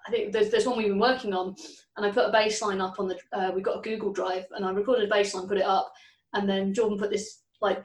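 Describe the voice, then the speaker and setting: A woman who plays bass in a band, chatting openly and rambling a little, acting out her bandmates' remarks. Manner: open, chatty, rambling, acts out bandmates' quotes. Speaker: band bassist. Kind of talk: casual interview chat. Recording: echoey room, distant mic.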